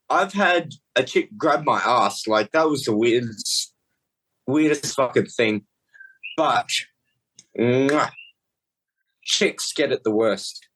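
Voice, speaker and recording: A man's voice: a little high, slow pace, fairly bright tone, rough recording. Storytelling male wrestler on a podcast. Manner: storyteller who trails off and restarts. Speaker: guest wrestler. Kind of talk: casual podcast chat.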